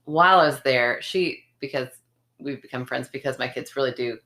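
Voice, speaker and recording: A woman's voice: very deep voice, normal speed, sharp tone. A woman in her thirties, co-hosting a podcast in casual chat, telling a story with frequent laughs and acted-out quotes. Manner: chatty storyteller, laughs often, acts out quotes. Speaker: podcast co-host.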